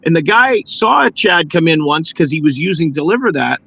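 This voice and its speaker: Earnest male co-host, argues with examples, slightly high voice. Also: lively intonation, moderate pace, creaky, sharp tone, husky. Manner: earnest, argues with hypothetical examples and acted quotes. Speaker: podcast co-host. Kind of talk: casual chat.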